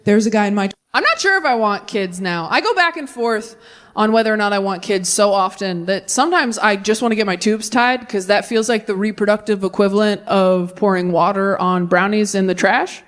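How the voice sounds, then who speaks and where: A woman in her thirties performing a stand-up set, riffing quickly and mocking herself as she works the crowd. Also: medium pitch, a bit bright. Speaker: stand-up comedian. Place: large comedy venue with a live audience. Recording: live stage recording with audience noise.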